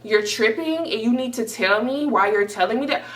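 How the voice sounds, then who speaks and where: A woman in her twenties tells a casual storytime to viewers, animated and slangy, swearing often as she talks straight to the camera. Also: on the high side, normal speed, far from the mic. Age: 20s. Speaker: storytime vlogger.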